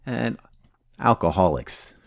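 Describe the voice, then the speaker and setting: A deep-voiced man as foul-mouthed sponsor Sober Patty. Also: lively intonation, takes it slowly, gravelly, no echo, studio quality, full character voice. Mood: blunt. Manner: blunt, swears constantly, sardonic. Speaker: recovery step instructor. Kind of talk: casual profane teaching.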